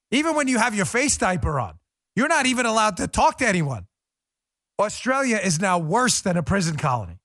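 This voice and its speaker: A man hosts a political podcast in a sharp, bright voice pitched a little high. He rants with sarcasm and heavy emphasis. The close, dry sound carries no room echo. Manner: angry, sarcastic, emphatic ranting. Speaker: podcast host. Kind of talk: political commentary monologue.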